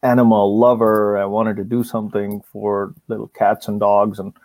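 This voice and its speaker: A man's voice: fairly low pitch, flat delivery, normal speed, a little mellow, no room sound. Indian-born man, conservationist guest, restart-prone. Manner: laughs often, many restarts. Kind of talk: casual interview.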